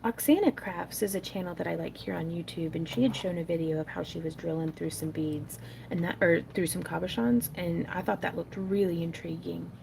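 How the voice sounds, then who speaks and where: A woman's voice: lowish voice, a little fast, vocal fry, a little mellow, a little hiss or hum, rough recording. A woman hosting a craft livestream, chatting casually and rambling with frequent laughs while she makes jewelry. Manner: chatty, rambling, laughs often, many fillers.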